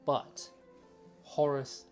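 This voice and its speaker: A man's voice: extremely slow, music in the background. A man on a casual podcast, retelling a long story with restarts and quoted bits of dialogue. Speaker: podcast host explaining the lore. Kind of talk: casual chat.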